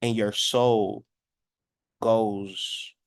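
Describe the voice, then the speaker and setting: A man's voice: fairly low pitch, flat delivery, very slow, gravelly, dry recording, studio quality. A man in his thirties giving a blunt, profane spiritual lecture, sometimes acting out quoted voices. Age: 30s. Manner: acts out quoted voices in dialogue. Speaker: spiritual astrology commentator. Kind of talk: preachy monologue.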